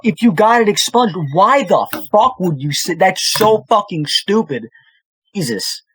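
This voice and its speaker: A man's voice: high voice, lively intonation, unhurried, fairly bright tone, slightly rough. A man with a New York accent, ranting bluntly and profanely in casual podcast chat.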